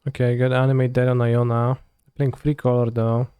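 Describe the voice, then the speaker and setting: Male streamer, casual muttered play commentary, smooth voice, dead-dry sound. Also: mid-range voice, completely flat delivery, brisk, mellow, no room sound. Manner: muttering to himself, loose and offhand, trailing off. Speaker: streamer playing a card game.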